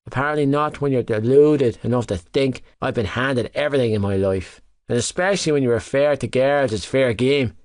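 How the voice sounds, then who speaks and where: A man voicing an angry, hot-headed teenage boy rugby player who shouts insults in an audiobook. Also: mid-range voice, a little fast, hardly any pauses, dry recording, clean studio sound, close to an everyday voice. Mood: furious. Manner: shouting, spitting insults, voice cracking. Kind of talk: audiobook character voice.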